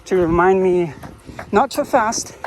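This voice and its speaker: A man giving running commentary outdoors in a quiet park while jogging, speaking in short clipped phrases with simple grammar. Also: high-pitched, takes it slowly, a little hiss or hum. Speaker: vlogger testing a running watch.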